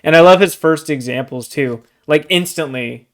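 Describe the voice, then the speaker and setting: A young man co-hosting a book podcast, talking in a chatty, animated way and often saying "dude" and "like". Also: on the high side, normal speed. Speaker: podcast co-host. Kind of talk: casual book discussion.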